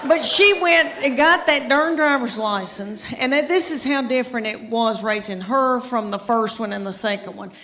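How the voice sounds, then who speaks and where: A woman's voice: a little high, moderate pace, hardly any pauses, sharp tone, long reverb tail, a little hiss or hum. A middle-aged woman doing stand-up comedy, telling family stories in a chatty, drawling way. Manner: chatty storytelling with drawled asides. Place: comedy stage with live audience.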